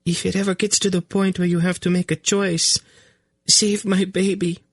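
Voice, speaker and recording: Frail sick young queen, breathy high weak voice, as a deep-voiced narrator puts her on, audiobook role. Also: flat delivery, moderate pace, no room sound, clean studio sound. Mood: weak, pleading. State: ill and drowsy. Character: frail young pregnant queen, sweet and fearful. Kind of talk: audiobook character voice.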